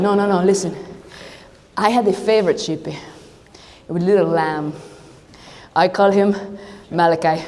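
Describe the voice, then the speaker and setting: Her voice sits in the mid range and sounds a little mellow as this camp worship leader recounts a Bible story in the first person for young campers. She mixes in playful sound effects and questions. The action camera recording carries the long echo of a hall.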